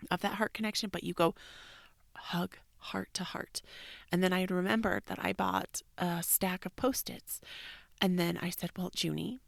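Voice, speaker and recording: A woman in her thirties or forties hosting a podcast, talking candidly in a casual, reflective way and dropping into soft whispered asides. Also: lowish voice, gravelly, dry recording. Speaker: podcast host, yoga teacher.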